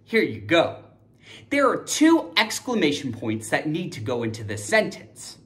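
A woman's voice: sits low, wildly swooping pitch, a little slow. A young woman teaching an online grammar lesson, upbeat and emphatic, cheering on her students.

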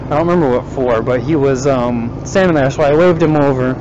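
A young man casually telling a rambling, animated story to his viewers. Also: medium pitch, brisk. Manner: rambling, animated retelling with quoted dialogue. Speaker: vlogger. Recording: muffled lo-fi audio with loud background noise.

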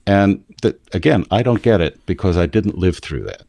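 A man's voice: low voice, lively intonation, normal speed, vocal fry, mellow, no room sound. A man with a standard American accent, co-hosting a casual news discussion and explaining things at length. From Philadelphia area, United States. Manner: talks in long explanatory stretches. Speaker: news commentator co-host.

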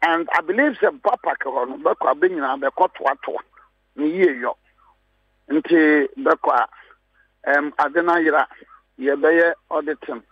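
Husky Ghanaian man making emphatic points. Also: on the high side, no echo. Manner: emphatic, repeats key phrases. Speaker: political guest. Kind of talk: heated radio panel talk. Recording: muffled dry studio sound.

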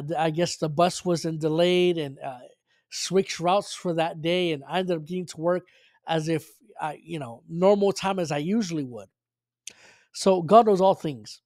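High-voiced earnest man preaching a testimony. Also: darkish tone, no echo, clean studio sound. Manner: earnest, retelling dialogue with frequent restarts and fillers. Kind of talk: sermon testimony storytelling.

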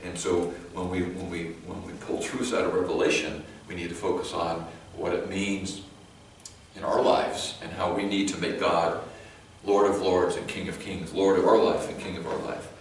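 A low-voiced man with a Californian accent preaches a conversational sermon that often restarts mid-thought and slips in light jokes. He sounds set well back from the microphone, his voice ringing through a very echoey church hall over a faint background noise. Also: level tone, moderate pace, far from the mic. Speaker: pastor. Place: church sanctuary.

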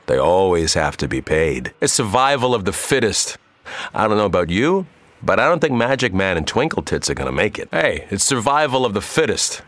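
An actor playing a foul-mouthed, hard-drinking middle-aged noir cop, gruff and swaggering in game voice lines. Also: male voice, medium pitch, a bit bright, no echo. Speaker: game character.

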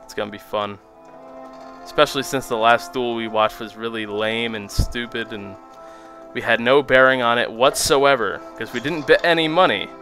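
A young man hosts a let's play, joking around and mocking himself with animated energy as he plays a video game. His voice is medium in pitch at a normal speed, with soft music in the background.

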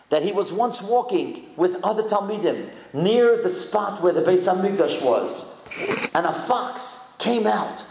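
A man gives an animated talk to an audience in an echoey synagogue hall. His voice sits high and swings widely as he acts out each quoted line with energy. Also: gravelly, slight background noise. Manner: lively, acts out quotes with big pitch swings. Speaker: rabbi lecturer. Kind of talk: animated storytelling lecture.

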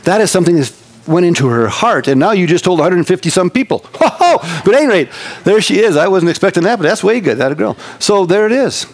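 A man preaching a sermon as pastor, folksy and animated, swinging from quick loud bursts to slow quiet emphasis. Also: high-pitched.

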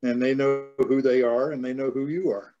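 A man's voice: mid-range voice, fairly even intonation, normal speed, dark tone. A man from Florida who hosts a casual author chat, speaking in an easygoing way. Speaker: host. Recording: dull lo-fi audio.

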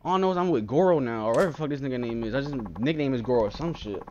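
A man hosting a let's-play gaming video, ranting in an excitable, profane way, speaking close to the mic. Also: mid-range voice, very fast, highs cut off, slight background noise. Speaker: gaming channel host.

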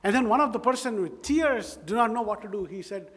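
A man's voice: high voice, animated, brisk, fairly bright tone. A man with an Indian English accent preaching a sermon as pastor, emphatic, repeating phrases and putting questions to the congregation. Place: church sanctuary. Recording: long reverb of a church hall.

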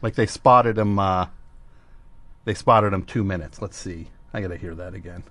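A man's voice: low voice, moderate pace, very noisy. A man hosting a radio show, mocking a clip with sarcastic, laughing commentary into a studio microphone. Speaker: radio host.

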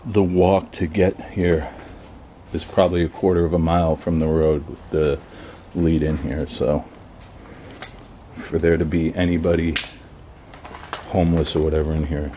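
A man's voice: extremely low pitch, little pitch movement, moderate pace, pauses often. A man hosting a paranormal exploration vlog, chatting nervously and stumbling over his words while walking through an abandoned house. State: clearing throat, cough drop in mouth. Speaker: host of a paranormal exploration channel. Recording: noisy handheld recording.

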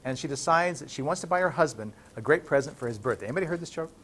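A man lecturing in a classroom as a university professor, playful and animated, breaking up the lesson with jokes. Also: on the high side, rapid-fire.

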